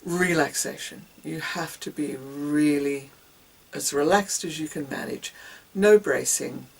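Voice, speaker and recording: A woman's voice: low-pitched, a little slow, creaky, husky, recorded from a distance, rough recording. A woman giving a casual singing lesson, demonstrating breathing exercises with whoops, grunts and hisses. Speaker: singing teacher.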